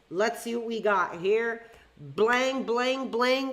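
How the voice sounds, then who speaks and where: A woman's voice: a little high, slow, fairly bright tone. A woman hosting a live stream with fan call-ins, talking in a heated, ranting way with frequent swearing. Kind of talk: live-stream chat with fans.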